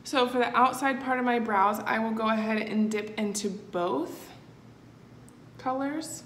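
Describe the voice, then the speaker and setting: A woman with a fairly bright, higher-pitched voice goes through a makeup tutorial step by step without hurrying. Her delivery is easygoing and chatty, sprinkled with fillers, and the room sounds echoey with a little faint noise.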